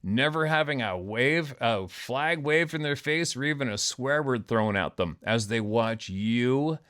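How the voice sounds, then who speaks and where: A man hosting a talk show rants in a profane, sarcastic monologue. His pitch sits mid-range for a man, and his delivery drips with scorn. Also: expressive, unhurried, fairly bright tone. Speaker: host. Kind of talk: angry monologue rant.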